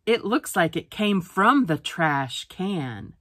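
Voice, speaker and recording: A woman's voice: sits low, expressive, slow, fairly bright tone, no echo, clean studio sound. A woman teacher reading a picture book aloud for a phonics lesson, sounding out words letter by letter.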